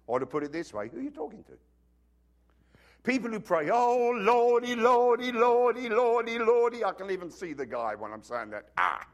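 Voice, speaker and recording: A man's voice: fairly high pitch, very animated, brisk, fairly bright tone, dull audio. A man preaching a sermon in a conversational way, acting out little scenes and dropping joking asides to the congregation.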